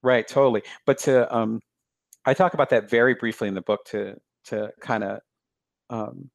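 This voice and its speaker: A man talking about his own experience as an author in a casual conversation, reflective and halting, with frequent fillers. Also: mid-range voice, steady tone, creaky, no room sound. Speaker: author, guest.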